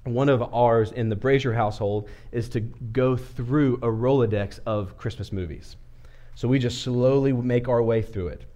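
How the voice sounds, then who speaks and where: A man's voice: mid-range voice, normal speed. Joking man preaching a sermon. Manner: casual, joking storyteller with lively swings in energy. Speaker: pastor.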